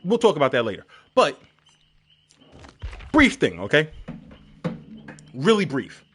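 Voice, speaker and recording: A man streaming a game and chatting casually, telling stories with lots of profanity and shouting out crowd reactions. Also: on the high side, moderate pace, slight background noise. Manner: profane, animated storytelling with shouted crowd imitations.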